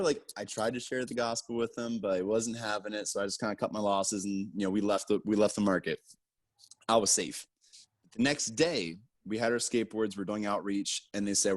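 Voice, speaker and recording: Man, lowish voice, casual storyteller, lively quoted bits, dry room. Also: fairly quick, dry recording. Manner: animated, acts out quotes with raised pitch. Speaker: guest storyteller.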